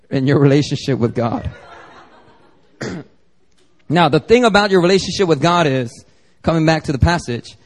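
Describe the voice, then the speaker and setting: A man's voice: fairly high pitch, a little mellow. Joking conversational male pastor. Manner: conversational, joking, acts out dialogues. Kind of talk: sermon. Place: church service.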